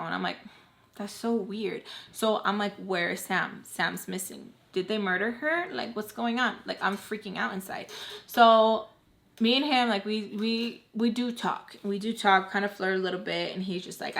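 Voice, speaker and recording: A woman's voice: medium pitch, moderate pace, vocal fry, a bit bright. A young woman chatting through a storytime vlog. She talks casually, fills her sentences with "like", and acts out what everyone said along the way. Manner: chatty, heavy on "like", acts out quoted voices. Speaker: storytime vlogger.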